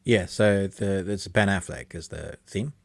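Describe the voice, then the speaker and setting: A man co-hosting a film podcast in a somewhat low voice. He rambles and laughs easily, and the sound is dry and close to the mic with no room echo. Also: measured pace, gravelly. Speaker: podcast co-host. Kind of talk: casual chat.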